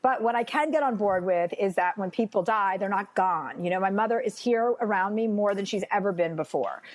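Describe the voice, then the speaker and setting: A woman's voice: mid-range voice, brisk, dry recording. A woman podcast guest in casual chat, earnest and reflective as she talks through her beliefs. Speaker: podcast guest, comedian and author.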